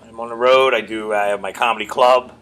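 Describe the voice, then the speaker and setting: A man's voice: medium pitch, steady tone, fairly quick, fairly bright tone, slight background noise. A middle-aged man, a comedy club owner and comedian, telling crude, self-mocking stories in an interview at a bar's open mic night. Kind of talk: storytelling in an interview.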